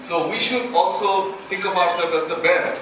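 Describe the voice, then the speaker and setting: Heard from far off in a reverberant hall, a young student speaker from Bangladesh gives a sincere, self-mocking motivational talk in Bangladeshi-accented English, questioning his listeners. He has a high-pitched, fairly bright voice and talks at normal speed. Some faint hiss or hum is present.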